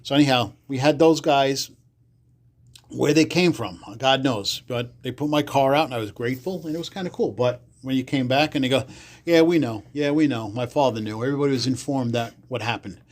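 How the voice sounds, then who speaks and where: A man's voice: medium pitch, fairly quick. Rambling New man telling stories. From the Bronx, New York. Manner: rambling, acts out quoted people in livelier voices. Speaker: podcast guest. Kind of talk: casual storytelling interview.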